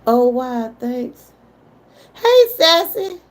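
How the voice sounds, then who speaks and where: Her high-pitched, sing-song voice draws out words as this middle-aged Southern woman from Georgia talks casually with livestream viewers. Mentions of her mother bring out her emotions.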